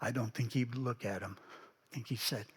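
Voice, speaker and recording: A male pastor telling a story in a sermon, dropping to a hush and then swelling for emphasis. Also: medium pitch, fairly even intonation, normal speed, a little hiss or hum. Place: church sanctuary. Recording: long reverb of a church sanctuary.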